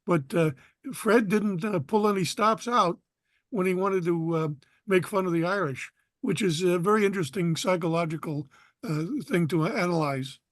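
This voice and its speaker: A man with a notably high voice asks a rambling question over a video call. The sound is dry and close, and he pauses often with hesitant fillers. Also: no room sound. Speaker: audience member asking a question.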